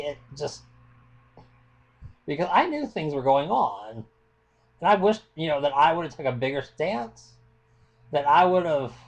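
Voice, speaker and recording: Impassioned man ranting at a webcam. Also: fairly high pitch. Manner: impassioned, blunt, swears freely. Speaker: vlogger. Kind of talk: webcam rant.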